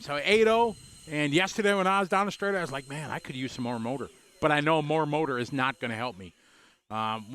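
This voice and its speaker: Friendly male race commentator, smooth clear voice, relaxed chatter with viewers. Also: on the high side. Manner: chatty, greets viewers, laughs easily. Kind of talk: casual live stream commentary.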